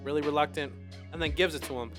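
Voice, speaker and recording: A young man co-hosting a casual podcast, excitedly retelling a show scene with sound effects and swearing. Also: fairly high pitch, fast, music in the background. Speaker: podcast co-host. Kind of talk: casual chat.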